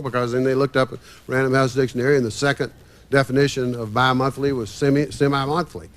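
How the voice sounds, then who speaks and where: A man's voice: mid-range voice, steady tone, fast talker. A man on a discussion panel who talks in a chatty, anecdotal way with hesitations. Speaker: panel guest.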